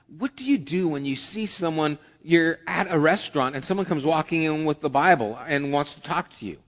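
A man's voice: on the high side, lively intonation, brisk. Man preaching in a reverberant hall. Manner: conversational preaching with acted asides. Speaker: pastor. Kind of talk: sermon.

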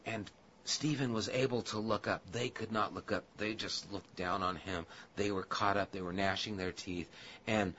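Bright-toned storytelling male preacher. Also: fairly low pitch, fairly even intonation, moderate pace, slightly rough. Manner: storytelling with humor, then earnest and hushed. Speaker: pastor. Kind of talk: sermon. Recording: dull lo-fi audio with faint hiss.

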